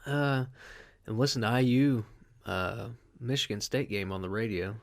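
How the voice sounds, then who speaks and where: A man's voice: lowish voice, moderate pace, creaky. A man hosting a solo podcast, telling rambling, profane stories with lots of fillers. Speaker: podcast host. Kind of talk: casual solo podcast monologue.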